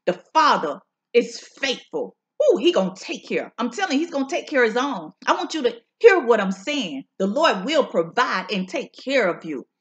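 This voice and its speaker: Fervent high-voiced woman preaching with lively swoops. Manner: fervent, repeats lines for emphasis, soulful drawn-out "ooh" and "mm". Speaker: prophetic preacher. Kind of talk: impassioned prophetic preaching. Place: at home.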